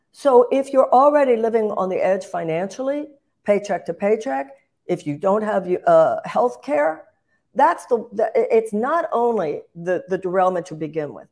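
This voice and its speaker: A woman's voice: mid-range voice, darkish tone. An older woman speaking as a political guest. She talks with impassioned emphasis, often restarting phrases and rising in bursts.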